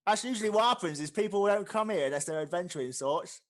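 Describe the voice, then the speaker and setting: A man voicing a gruff male orc innkeeper with a bolted-on jaw, shouting short impatient questions in a raised, strained voice. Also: expressive, quick pace. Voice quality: loud, high, barking shouts.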